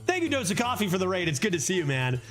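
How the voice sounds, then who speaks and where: A man livestreaming a card game, giving excitable, casual commentary and laughing often. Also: high voice, rapid-fire, soft background music.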